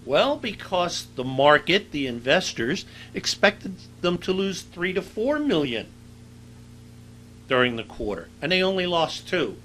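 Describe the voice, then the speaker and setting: Bright-voiced male lecturer, chatty, faint hum. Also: mid-range voice, sing-song, a little slow, low-quality recording. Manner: conversational, anecdotal, with frequent fillers. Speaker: university lecturer. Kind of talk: recorded lecture.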